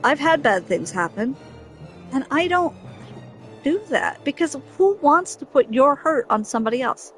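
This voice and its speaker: A woman's voice: sits high, very animated, moderate pace, fairly bright tone, soft background music. Exasperated woman venting over gameplay. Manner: exasperated, emphatic, repeats herself. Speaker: game streamer.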